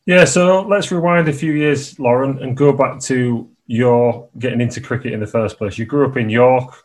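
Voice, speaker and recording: A man hosts a sports podcast in relaxed, casual chat, telling stories against himself with an easy laugh. His voice sits at an ordinary middle pitch. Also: normal speed. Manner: easygoing, self-deprecating storyteller. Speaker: podcast host, club captain.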